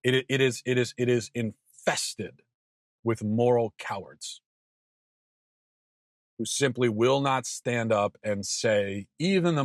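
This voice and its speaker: A man in his thirties hosts his own show, delivering an emphatic opinion monologue. He repeats himself for stress and stumbles into quick restarts. His voice sits at a middle pitch, and the recording is dry and close. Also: no echo. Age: 30s. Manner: emphatic, repetitive, stammering restarts. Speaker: podcast host.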